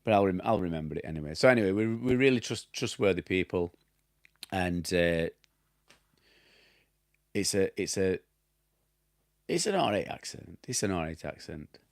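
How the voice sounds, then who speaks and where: Deep-voiced man with broad Yorkshire accent. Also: moderate pace, pauses often, no room sound, clean studio sound. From Yorkshire, England. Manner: rambling, chatty, laughs at himself, loses his train of thought. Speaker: damp specialist and former plasterer answering viewer questions. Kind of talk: casual chat.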